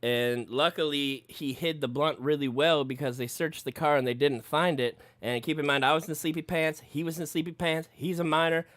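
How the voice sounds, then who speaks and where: A man's voice: fairly high pitch, moderate pace, few pauses, dry recording. A man casually telling a story in a podcast chat, cursing freely and acting out what people said. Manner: profane, animated storyteller acting out quotes.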